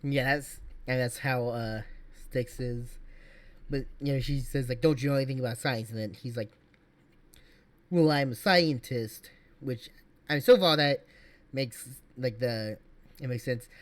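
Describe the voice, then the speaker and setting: A man's voice: medium pitch, steady tone, moderate pace. A man streaming casual reaction commentary, rambling with many fillers and restarts.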